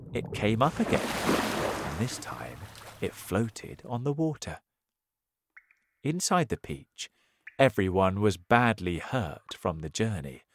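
Guy reading a kids' story, super expressive, slow and sing-song. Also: on the low side, gravelly, no echo. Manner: very expressive, dramatic swings. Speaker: narrator.

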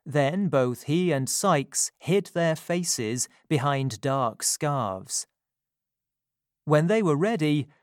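Slow storybook reader, measured pace, dry close recording, middling pitch. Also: dry recording. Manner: slow, careful reading. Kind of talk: scripted storybook narration.

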